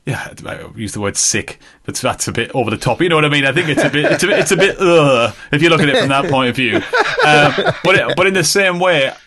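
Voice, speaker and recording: A man's voice: on the high side, lively intonation, a little fast, hardly any pauses, sharp tone. A man co-hosting a film podcast, thoughtful and full of repeated restarts. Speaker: podcast co-host. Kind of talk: casual film review chat.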